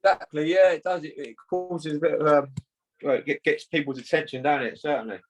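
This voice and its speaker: A young man, a boxer chatting casually in an interview, laid-back and halting, often saying "mate" between fillers. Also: on the high side, fairly even intonation, soft background music, rough recording.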